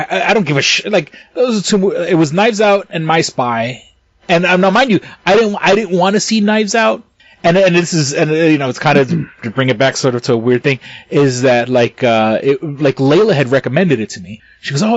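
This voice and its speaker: A man's voice: fairly high pitch, no room sound. A man co-hosting a podcast, chatting casually in a rambling way with lots of restarts and swearing. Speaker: podcast co-host. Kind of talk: casual chat. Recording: dull lo-fi sound, dry.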